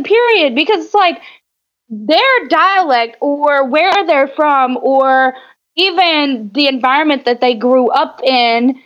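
A woman co-hosting a casual podcast in a high-pitched work voice. Her talk is chatty and loose, full of "like". The recording sounds a little dull and lo-fi. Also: fairly bright tone. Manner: higher "work voice" on the podcast, chatty, uses "like" a lot. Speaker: podcast co-host.

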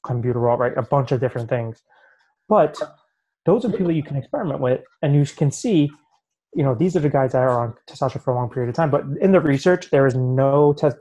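A man, a naturopathic physician, explaining hormones in a casual interview, animated and peppering his talk with "right?". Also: medium pitch, low-quality recording.

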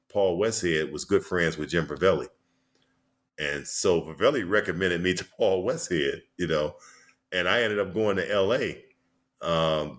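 Deep-voiced man in his sixties telling stories. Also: a bit bright. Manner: rambling, full of "you know" fillers and restarts. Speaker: former basketball player and coach, guest. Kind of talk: casual storytelling interview.

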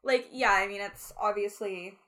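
Bright-voiced young woman, chatty and blunt. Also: medium pitch, fairly even intonation, normal speed, rough recording. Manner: chatty, blunt, heavy use of "like". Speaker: podcast co-host. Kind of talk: casual chat.

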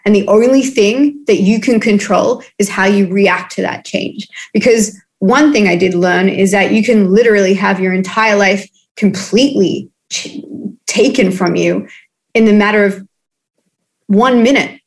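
A woman's voice: medium pitch, measured pace. A woman in her thirties from Australia, a musician guest on a video call, talking candidly and casually with many fillers and restarts. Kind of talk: candid interview chat.

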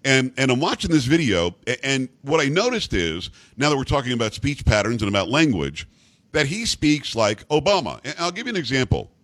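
A male radio host at a middle pitch who jokes and needles his guest. His delivery swings widely in pitch, rising high when he plays outraged. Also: brisk, no echo. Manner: teasing, animated, mock-indignant. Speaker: radio talk show host. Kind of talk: talk radio banter.

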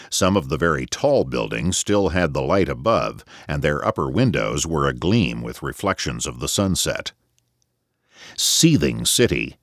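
A man narrates a novel in a deep, low voice, taking his time and telling it with expression. His pitch rises and falls in a lively way from phrase to phrase. The recording is close and dry. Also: no room sound. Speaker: audiobook narrator.

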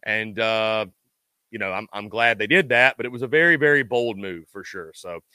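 A man's voice: lowish voice, normal speed, sharp tone, smooth, dry recording, clean studio sound. A man hosting a sports call-in show, talking bluntly and sarcastically in a loose, casual way.

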